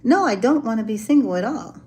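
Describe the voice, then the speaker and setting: Brisk and lively, this livestream host has a fairly high, warm voice, heard in a rough recording. Chatting casually with viewers from a city hotel with band music drifting up from downstairs, she laughs frequently and acts out the voices in her stories.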